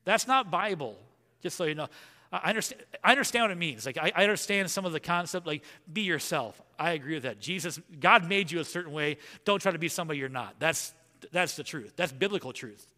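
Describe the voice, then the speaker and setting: A man preaching a sermon as pastor, animated, swinging between loud emphasis and hushed lines, and reading scripture slowly and deliberately. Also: a little high, in a large hall. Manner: reads scripture in a slow, measured voice.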